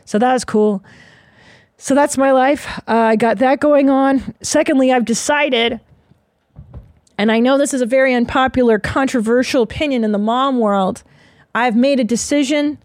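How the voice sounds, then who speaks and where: A woman's voice: high voice, moderate pace, darkish tone, no room sound. A woman in her forties hosting a podcast, talking in a loose, profane, rambling and self-mocking way. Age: 40s. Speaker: podcast host. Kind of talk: casual solo monologue.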